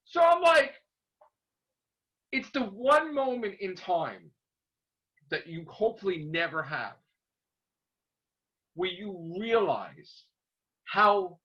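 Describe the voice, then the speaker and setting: A man ranting casually to camera as a vlogger, excitable and rambling, swearing constantly. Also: high voice, slow pace, long pauses. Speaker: YouTube vlogger. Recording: dull lo-fi recording.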